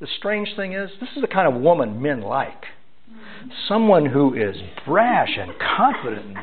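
A man preaching a sermon in a high voice that swings up and down. He keeps asking his listeners questions as he works through a scripture passage. The recording is thin and phone-like. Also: unhurried. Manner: animated, rhetorical questions to the congregation. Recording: tinny phone-like sound.

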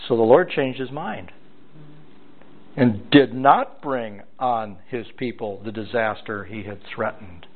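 A man teaching a Bible passage verse by verse, reading aloud and voicing its characters in an animated way, often repeating himself. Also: medium pitch, unhurried. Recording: tinny phone-like recording.

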